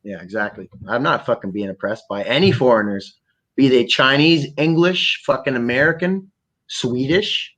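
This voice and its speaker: A man from Canada hosting a podcast, talking in a rambling, profane, animated way. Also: mid-range voice, normal speed. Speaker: podcast host. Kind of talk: casual chat.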